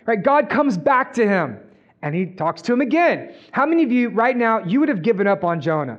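High-voiced man preaching a sermon. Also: sing-song, brisk. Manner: conversational, often asks the audience "right?". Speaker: pastor. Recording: dull, muffled sound.

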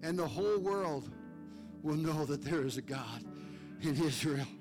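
A man's voice: a little high, expressive, a little slow, long pauses, music in the background. A male pastor preaching a fired-up sermon, calling on listeners by name.

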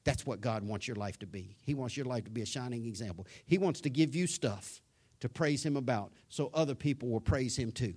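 A middle-aged man preaching a sermon as a pastor, rising to loud emphatic declarations and dropping to a soft, subdued voice when telling a personal story. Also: medium pitch, a little fast, slightly rough.

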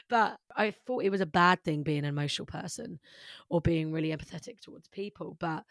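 A woman's voice: lowish voice, a little fast, no echo, clean studio sound. A young British woman, a musician guest, talking openly and rambling about her life, with many "like"s. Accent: British English. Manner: open, rambling, says "like" often. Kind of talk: candid personal conversation.

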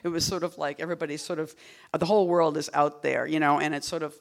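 Woman poet, casual talk at a reading, rambling and digressive, wry deadpan asides. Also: low voice, quick pace, creaky. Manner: rambling and digressive, full of "like" and "you know".

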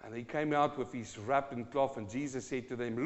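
A man preaching a sermon and reading scripture aloud, moving from quiet reading to loud, fired-up preaching. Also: medium pitch, steady tone, moderate pace. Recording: long reverb of a large hall.

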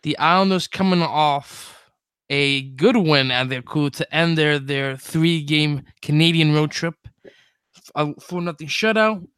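A young man hosting a casual sports podcast, energetic and jokey, with quick stumbling restarts. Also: fairly high pitch, clear, resonant tone, no echo, clean studio sound. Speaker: podcast host.

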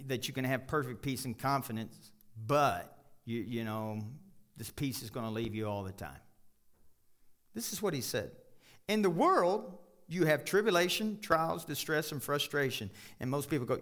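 A man preaching a sermon in a church, folksy and joking, with sudden loud high bursts and quiet drops. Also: animated, normal speed. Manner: folksy, jokes with the congregation. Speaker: pastor.

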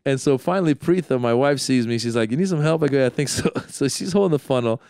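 A man hosting a podcast, telling a story in an animated, self-deprecating way. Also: mid-range voice, fast talker, no echo, clean studio sound. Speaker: podcast host. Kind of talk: casual chat.

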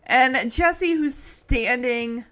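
A woman podcaster casually retelling a sitcom episode, chatty and animated, often laughing and quoting the characters. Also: high voice, extremely slow. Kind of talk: casual chat.

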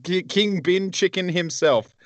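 A man's voice: sits high, unhurried, fairly bright tone, no room sound. A man co-hosting a tabletop wargaming show in casual chat, rambling, teasing and swearing freely. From Australia. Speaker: podcast co-host.

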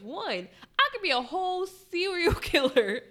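A woman co-hosting a podcast in casual chat, frank and affirming and quick to laugh. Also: on the high side, very animated, pushed and bright. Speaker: podcast co-host.

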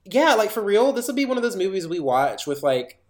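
A man's voice: high voice, fairly quick, crowd noise. Podcast co-host, male, chatty and rambling, echoey room sound. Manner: animated rambling retelling full of "like"s. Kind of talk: casual chat. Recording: roomy echo.

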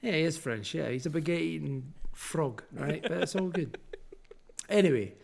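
A man's voice: a little high, moderate pace, gravelly. A young Scottish man co-hosting a podcast, telling a story in casual chat and acting out the dialogue. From Scotland. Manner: animated storyteller, acts out dialogue. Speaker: podcast co-host.

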